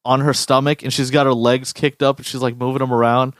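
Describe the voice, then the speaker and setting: A young man co-hosting a podcast in casual chat, swearing often and telling stories with animated impressions. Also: medium pitch, a little fast, dry recording, studio quality. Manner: profane, animated storyteller. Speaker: podcast co-host.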